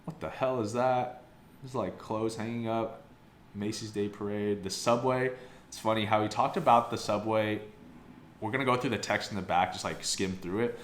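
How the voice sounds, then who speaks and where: A man's voice: on the low side, fairly even intonation, moderate pace. A young man casually reviewing a photobook, rambling and swearing, with lots of "like". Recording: roomy sound with faint background noise.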